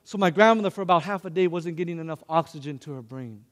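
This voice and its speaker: High-voiced preacher in an echoing hall. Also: male voice, fast. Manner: emotional, addresses the congregation. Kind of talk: sermon storytelling.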